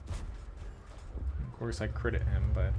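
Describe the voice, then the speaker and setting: A man with a Philadelphia accent talks over his gameplay in a loose, easygoing ramble, full of "like" and "um". His voice sits fairly low. A faint hiss runs underneath. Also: steady tone, drawn-out words. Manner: rambling, filler-heavy, laughs between thoughts. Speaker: game streamer. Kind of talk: casual live-stream commentary.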